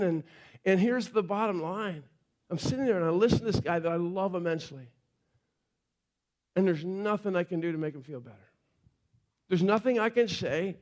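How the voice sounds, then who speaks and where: High-voiced man preaching a sermon. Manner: conversational storytelling, drops to quiet emphasis. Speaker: pastor.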